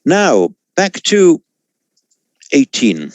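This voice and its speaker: A man teaching a Sanskrit class over a video call, explaining pronunciation in a measured way with frequent self-corrections. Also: on the high side, huge pitch swings, darkish tone, no echo. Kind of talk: online class lecture.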